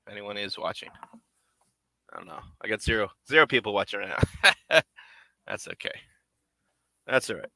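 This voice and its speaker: A man's voice: lowish voice, lively intonation, moderate pace, pauses often, bright, forceful tone, no echo. A man making a puppet on a live stream, rambling casually and half to himself as he works. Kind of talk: casual live-stream chat while working.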